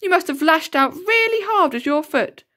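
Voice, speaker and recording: A woman voicing an enraged strict schoolteacher, shouting slowly and sharply in a storybook reading. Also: very high-pitched, lively intonation, pitched above the performer's own voice, full character voice. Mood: scandalised. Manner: shouting, slow and outraged.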